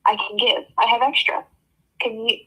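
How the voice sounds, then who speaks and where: A woman reading aloud and voicing an earnest alien engineer who speaks in clipped, broken phrases, a little above her usual pitch. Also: little pitch movement, moderate pace, breathy edge, highs cut off. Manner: choppy clipped phrasing without articles.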